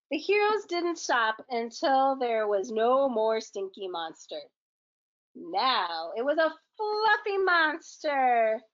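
A woman reading a children's book aloud in a gentle, expressive storytelling manner. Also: fairly high pitch, dull audio.

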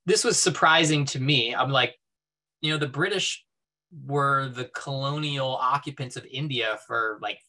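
A man with a bright, forceful voice tells stories to an audience with plenty of enthusiasm. He talks loosely and casually, leaning on "like" and "you know." He sounds like he is on a video call. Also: mid-range voice, measured pace. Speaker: guest speaker. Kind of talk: casual presentation talk.

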